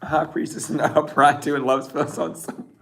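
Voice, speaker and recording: A man's voice: a little high, level tone, normal speed, a bit bright. Laughing, teasing man reading tarot. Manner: laughing, teasing, blunt and profane. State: throat sounds rough. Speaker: tarot reader. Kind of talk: casual tarot reading monologue.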